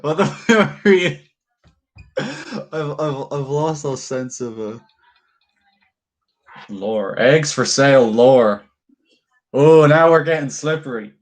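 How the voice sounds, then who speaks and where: A man's voice: on the high side, animated, slow pace, pauses often. A young man casually chatting with his viewers on a livestream, swearing freely and musing aloud while he carves.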